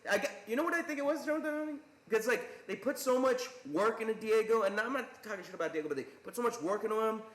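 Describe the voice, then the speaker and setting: A man co-hosting a podcast, chatting about fights in an animated way. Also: quick pace, few pauses, echoey room. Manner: animated, swings pitch wide when mimicking. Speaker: podcast co-host. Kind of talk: casual chat.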